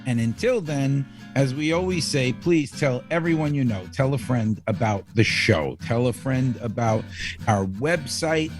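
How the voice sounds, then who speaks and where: A man's voice: mid-range voice, lively intonation, measured pace, faint music behind. A male podcast co-host from Florida who cracks jokes, laughs often and acts out imagined quotes. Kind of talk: comedic podcast banter.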